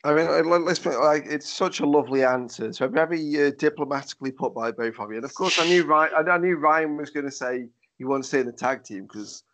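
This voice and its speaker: A man hosts a casual podcast and teases his guests, with casual swearing. His voice sits a bit higher than most men's. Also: fairly quick, hardly any pauses, background noise. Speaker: podcast host.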